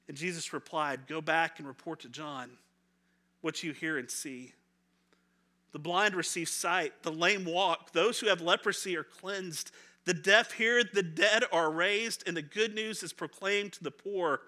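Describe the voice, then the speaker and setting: Bright-voiced pastor preaching conversationally. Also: male voice, high voice, unhurried. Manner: conversational, animated, acts out voices of people in the story; laughs often, repeats words when restarting. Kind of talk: sermon.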